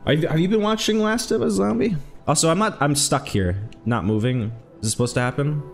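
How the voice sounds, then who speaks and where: A man streaming a video game, chatting casually and rambling, with sudden loud exclamations when something excites him. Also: on the high side, a little fast, creaky, soft background music. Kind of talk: casual let's-play chat.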